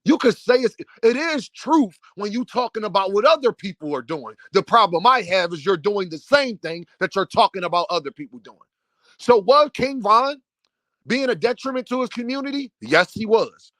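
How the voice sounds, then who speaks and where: A man's voice: high-pitched, lively intonation, brisk, few pauses, fairly bright tone, no room sound. A man delivering an impassioned commentary rant, firing off repeated rhetorical questions in a preachy, heated way. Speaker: commentary host.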